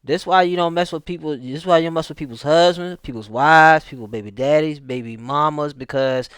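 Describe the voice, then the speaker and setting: A man's voice: fairly high pitch, a little fast, a bit bright, clean tone, no room sound. A man hosting a reaction channel, breaking in with casual, preachy advice and calling listeners man and y'all. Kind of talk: reaction commentary.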